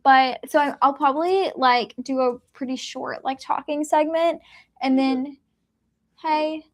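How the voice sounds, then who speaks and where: A woman's voice: sits high, steady tone, a little slow. A woman hosting a casual reading live stream from home, chatting in a rambling way with lots of fillers and little laughs. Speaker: book streamer host.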